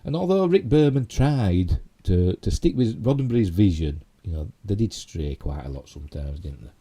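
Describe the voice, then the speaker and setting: Speaking in a low, expressive, mellow voice at a moderate pace, this Yorkshire-accented man from Yorkshire, England, rambles his way through geek news on a casual live stream, often saying "you know" and adding tag questions.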